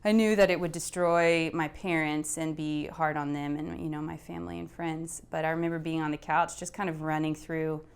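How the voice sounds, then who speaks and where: A young woman telling her own story of illness in an emotional, halting way, stopping to search for words and tearful at moments. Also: low-pitched, level tone, clear, resonant tone. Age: young adult. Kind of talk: emotional personal testimony.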